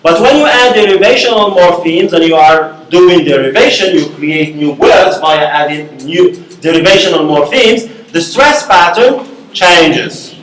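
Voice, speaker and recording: A man's voice: on the high side, a little slow, hardly any pauses, fairly bright tone. A male university lecturer teaching a class, repeating key words and checking in with "okay?" often. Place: echoey classroom. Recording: echoey room from far off.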